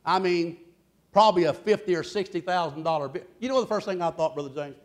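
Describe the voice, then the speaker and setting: A man preaching a sermon, loud and boisterous, telling folksy stories between points. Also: high-pitched, quick pace. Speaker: pastor.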